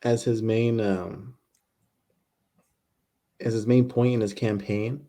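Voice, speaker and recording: Low-voiced laid-back young man. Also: steady tone, slow pace, long pauses, mellow. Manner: laid-back, short replies, laughs along. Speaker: podcast co-host. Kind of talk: casual chat.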